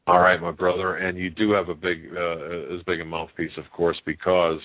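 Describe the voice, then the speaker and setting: A man hosting a call-in radio show, talking in halting bursts with many fillers and restarts. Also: sits low, level tone, dry recording. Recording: tinny phone-line sound, dry.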